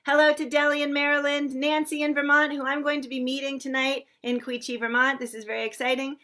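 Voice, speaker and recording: A woman's voice: high voice, level tone, fairly quick, bright, forceful tone. A woman hosting a daily online sing-along, chattily welcoming viewers by name on a livestream from a room she shares with other singers. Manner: effusive and chatty.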